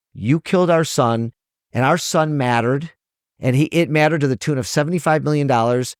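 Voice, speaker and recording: A man's voice: mid-range voice, dry recording, studio quality. A man, a trial lawyer guest on a podcast interview, speaking earnestly and emotionally, his voice rising when he stresses a point.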